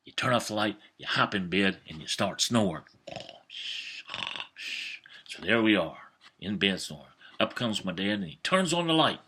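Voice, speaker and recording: A man in his fifties telling a family story in a folksy, animated way, with some hesitations. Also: lowish voice, normal speed, slightly rough. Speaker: vlogger. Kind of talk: storytelling monologue.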